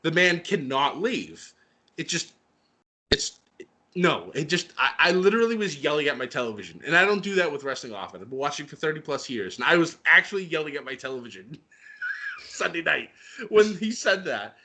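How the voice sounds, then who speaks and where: A middle-aged man co-hosting a podcast, telling a story in an excitable, emotional way. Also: on the high side, fairly quick. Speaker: podcast co-host. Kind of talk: casual chat.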